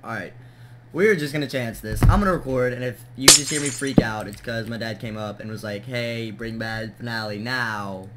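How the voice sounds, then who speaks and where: A young man talks through a building game in a casual, distracted way, laughing at himself and counting blocks under his breath. His voice sits at an ordinary middle pitch. Heavy background noise and clicking keys run under the whole recording. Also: expressive, a little fast. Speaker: gaming channel host.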